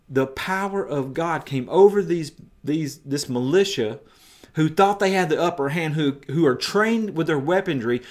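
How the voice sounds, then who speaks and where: A man's voice: fairly high pitch, lively intonation, a little slow. A man preaching a sermon, retelling a story emphatically and in vivid detail.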